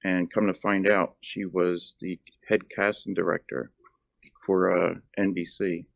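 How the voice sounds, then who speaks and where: A middle-aged man from South Jersey tells stories as an interview guest. His voice is very low with a gravelly edge, and he wanders through his answers with many fillers. The sound is dry and close. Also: level tone, measured pace, dry recording. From South Jersey, USA. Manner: rambling, lots of ums and uhs. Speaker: actor and former firefighter, guest. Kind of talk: casual interview chat.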